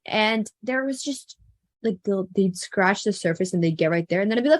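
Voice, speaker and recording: A woman's voice: medium pitch, expressive, a little fast, no room sound, clean studio sound. A woman co-hosting a casual film review chat, speaking earnestly and searching for words with many fillers.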